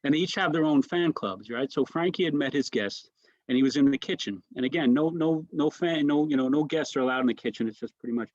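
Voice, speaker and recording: Here a comedian guest with a medium-pitched voice rattles off anecdotes quickly in an informal interview. Animated and lively, he restarts sentences again and again and scatters "right?" asides. The sound has no room tone, and its high frequencies are cut off.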